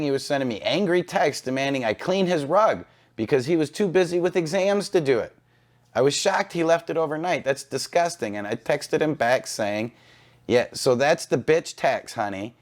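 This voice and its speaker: A man hosting a casual reaction video, reading forum posts aloud and breaking off with blunt, profane comments. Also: a little high. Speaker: online reaction video host.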